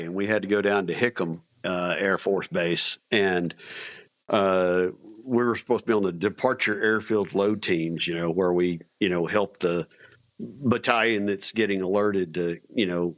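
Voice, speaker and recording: Low-voiced middle-aged man, rambling stories. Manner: rambling, many restarts, acts out quotes. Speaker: podcast guest, Army veteran. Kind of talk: casual storytelling interview.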